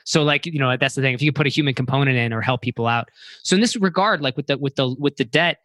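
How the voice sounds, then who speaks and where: A man hosting an interview, chatty and quick, agreeing with his guest. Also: medium pitch, fairly bright tone, no echo. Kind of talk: casual interview talk.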